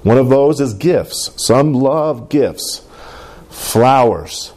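A middle-aged pastor preaches with a lot of rise and fall in his voice, asking the room for an "amen" as he goes. His tone is mellow and warm, never sharp. Now and then he slips into playful little voices. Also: mid-range voice, very slow. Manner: lively, call-and-response preaching with playful voices. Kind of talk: sermon.

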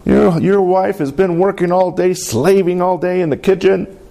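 A middle-aged male pastor who preaches a sermon in a lively call-and-response way and drops into playful voices now and then. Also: high voice, moderate pace, creaky.

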